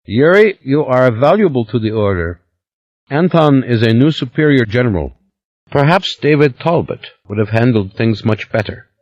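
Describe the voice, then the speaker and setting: A man reading an audiobook, voicing a big, calm man with a Scandinavian accent who speaks in a low, conciliatory way. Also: moderate pace, no echo, muffled recording, lightly acted.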